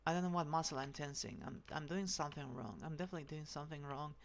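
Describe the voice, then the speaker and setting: A vlogger speaking in a slightly raspy feminine voice with a dry, sore throat, rambling and halting through a casual rant. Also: medium pitch. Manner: halting, full of restarts and fillers, profane.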